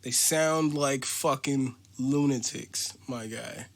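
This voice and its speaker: A man's voice: mid-range voice, slow pace. An American man hosting a podcast, ranting in a casual, profane, mocking way. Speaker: podcast host.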